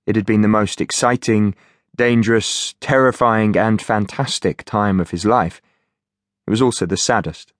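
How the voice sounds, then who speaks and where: A man reading an audiobook as narrator in a steady, measured way. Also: sits low, no echo, clean studio sound. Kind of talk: scripted narration.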